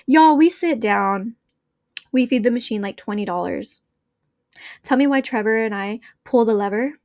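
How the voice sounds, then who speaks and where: A woman's voice: fairly high pitch, moderate pace, darkish tone, no echo, clean studio sound. A young woman hosting a podcast, telling a story in a bubbly, chatty way, full of "like" and talking straight to her listeners. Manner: bubbly, chatty, leans on filler "like", addresses listeners as y'all. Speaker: podcast host. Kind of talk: casual storytelling chat.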